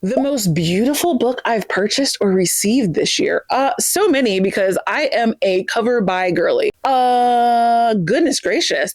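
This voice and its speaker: A woman's voice: on the high side, a little mellow, no echo. A young woman chatting casually to camera about books, gushing and full of fillers. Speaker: book vlogger.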